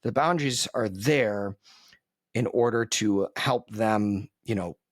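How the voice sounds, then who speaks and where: A man's voice: lowish voice, slow, dry recording. A man hosting a solo podcast, talking in a conversational, reflective way with frequent ums and asides, close to the mic. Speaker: podcast host.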